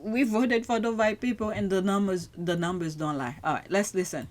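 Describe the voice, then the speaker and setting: A woman's voice: mid-range voice, normal speed. Outspoken woman host reacting to clips. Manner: outspoken, exclaims in disbelief. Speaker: show host.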